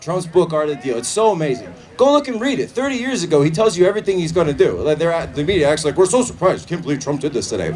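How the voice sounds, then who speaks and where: A man giving a political rally speech outdoors, shouting to a crowd and leading chants. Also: a little high, far from the mic. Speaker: rally speaker. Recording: loud crowd and outdoor noise. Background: cheering crowd.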